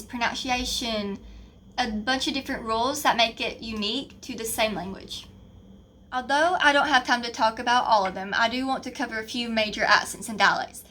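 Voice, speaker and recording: A woman's voice: a little high, sharp tone, a little hiss or hum. A young woman with a Southern American accent, narrating a class project in a chatty, informal way. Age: young adult. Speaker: student presenter.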